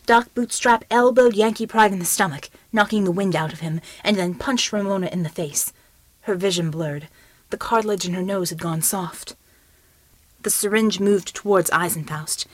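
A woman reading an audiobook in measured scripted narration, close to the microphone. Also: medium pitch, no echo.

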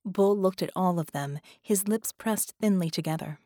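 A woman narrating an audiobook in an even, steady reading voice. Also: fairly low pitch, normal speed, no room sound, studio quality. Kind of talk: scripted narration.

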